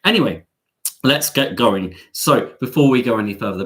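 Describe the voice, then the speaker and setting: Man, live-stream host, camp and teasing, very lively pitch. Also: brisk. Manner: camp, playful, teasing the audience. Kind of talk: chatty live-stream monologue.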